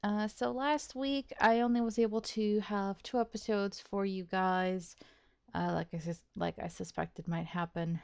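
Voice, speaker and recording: A woman's voice: medium pitch, fairly even intonation, measured pace, creaky, smooth. A woman hosting a let's play, chatting casually and self-deprecatingly about her schedule and the game, thinking aloud with many restarts and laughs. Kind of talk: casual gameplay commentary.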